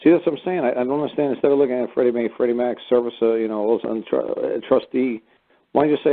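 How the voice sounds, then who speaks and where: Male call-in host: brusque, swearing lecturer, talks quickly, tinny phone-line quality. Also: medium pitch. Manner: blunt, profane and lecturing. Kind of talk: call-in radio talk. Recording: phone-like narrow sound.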